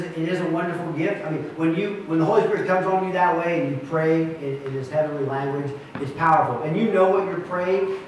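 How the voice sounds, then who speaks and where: A man's voice: on the high side, slight background noise. A man pastoring a church, teaching his group in an earnest, emphatic way, with many restarts. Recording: echoey room, mic far off.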